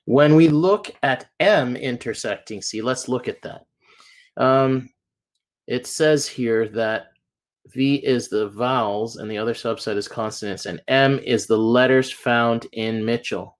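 In a classroom lesson walkthrough, a man teaches math, patiently going through each step and checking in with "okay?" and "right?" along the way. His voice is mid-range and his pace a little slow.

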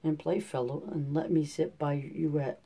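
A man plays a persistent old frog who coaxes and insists in a deep, dark storybook voice. The delivery stays close to the reader's own tone. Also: steady tone, normal speed, husky. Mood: bargaining.

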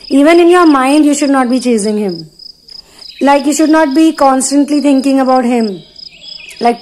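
A woman giving an earnest spiritual talk to her listeners, pausing now and then to channel messages. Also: sits high, a little mellow, slight background noise, poor audio. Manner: earnest, repetitive, pauses to channel. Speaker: spiritual reader.

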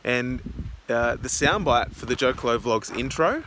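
A young man in his twenties, vlogging casually from his car and outdoors in a rambling, excitable way with lots of fillers. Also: mid-range voice, unhurried, a little hiss or hum. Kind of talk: casual vlog narration.

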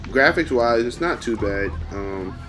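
A man's voice: medium pitch, expressive, measured pace. A man talking casually as a gaming YouTuber, with a slangy, rambling and playful manner. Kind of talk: casual gameplay commentary. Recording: game music behind. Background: game music.

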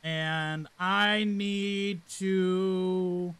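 A man's voice: high-pitched, fairly even intonation, drawn-out words, fairly bright tone, smooth. A man live-streaming a game, chatting casually and joking while he plays. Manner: chatty and joking, breaks into song. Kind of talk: casual live gameplay chat.

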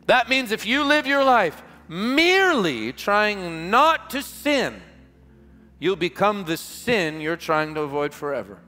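A man preaching a revival sermon as pastor, impassioned and emphatic, stretching key words slowly for weight, recorded live in a large church. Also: sits high, big pitch swings, bright, forceful tone, soft background music. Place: large church hall with music behind. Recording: live church hall reverb.

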